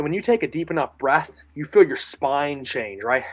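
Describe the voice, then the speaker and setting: A man's voice: fairly high pitch, lively intonation, normal speed, hardly any pauses, soft background music. A man co-hosting a podcast, giving earnest, emphatic advice and reading listener comments while losing his voice. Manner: emphatic, repeats phrases, coaching tone. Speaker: podcast co-host.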